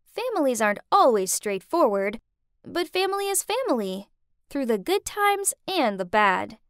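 Woman narrator, first-person animated story, heartfelt, higher voice, dry close sound. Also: normal speed, no echo.

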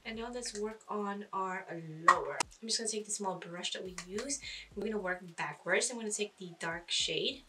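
Far from the mic in a very noisy recording, a woman with a medium-pitched voice chats through a casual makeup tutorial at a moderate pace. As a beauty vlogger, she thinks aloud with fillers and jokes at her own expense along the way.

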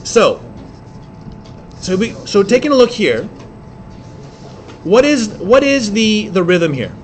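A man teaching an English class, explaining in quick bursts with many fillers and restarts. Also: high voice, sing-song, slight background noise. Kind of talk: classroom lecture.

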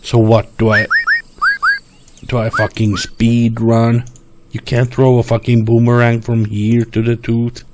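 A man's voice: mid-range voice, level tone, a little slow, darkish tone, a little hiss or hum. A man commentating his own gameplay, talking to himself, frustrated and swearing often. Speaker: gameplay streamer. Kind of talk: let's play commentary.

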